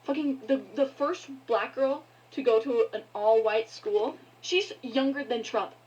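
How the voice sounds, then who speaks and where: A woman rants angrily to her viewers on camera, swearing often and breaking off mid-sentence. Her voice is fairly high in pitch with a darkish tone, and the recording sounds muffled.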